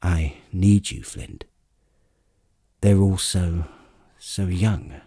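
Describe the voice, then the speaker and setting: A man's voice: low voice, fairly even intonation, very slow, dark tone, breathy edge, dry recording, clean studio sound, exaggerated voice. A man voicing a caring half-elf male leader in an audiobook, speaking in an earnest, reassuring way.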